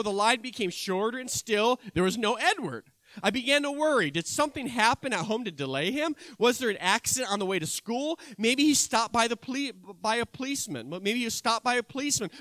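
A man, a college music teacher, telling a personal story in the first person, measured and often correcting himself mid-sentence. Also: extremely high pitch, bright, forceful tone, no echo, poor audio. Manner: measured, with frequent self-corrections.

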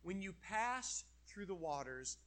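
A middle-aged man preaching a sermon with emphatic, animated delivery, slowing down to read scripture. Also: sits high.

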